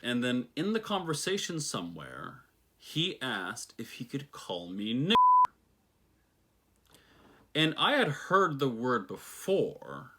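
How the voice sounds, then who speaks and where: A man's voice: medium pitch, sing-song, slow pace, pauses often, sharp tone, slight background noise. A man telling a story from his own life in a thoughtful, reflective way, with the odd wry aside. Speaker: personal storyteller. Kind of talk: reflective personal storytelling monologue.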